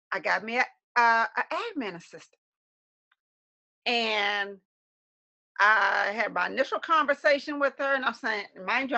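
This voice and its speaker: A woman's voice: a little high, vocal fry, bright, forceful tone. A woman co-hosting a webcast, chatting casually to viewers and acting out quotes with lots of laughter. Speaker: webcast co-host.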